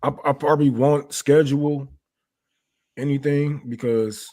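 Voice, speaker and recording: A man's voice: mid-range voice, fairly even intonation, measured pace, dark tone. A man hosting a casual political livestream, loose and profane, breaking into mocking asides and jokes. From Detroit. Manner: loose, profane and joking, drops into mocking put-on voices. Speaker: livestream host.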